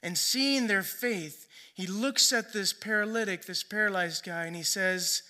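A man's voice: high-pitched, unhurried, hardly any pauses, sharp tone. A man preaching a sermon in a conversational storytelling way, often checking in with "right?". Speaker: pastor.

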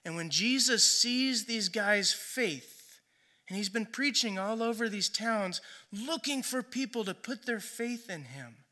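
A man's voice: high voice, sharp tone. A man preaching a sermon in a conversational storytelling way, often checking in with "right?". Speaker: pastor.

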